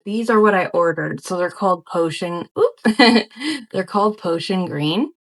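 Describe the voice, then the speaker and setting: A young woman chatting casually in a crochet unboxing vlog, gushing and excitable as she opens a package. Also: on the low side, unhurried. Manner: gushing, excitable, lots of "oh my gosh". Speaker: crochet vlogger and small business owner.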